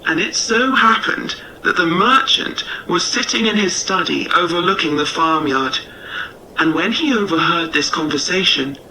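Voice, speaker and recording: A man narrating a storybook tale in a measured, gentle way. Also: high-pitched, distant mic, slight background noise, poor audio.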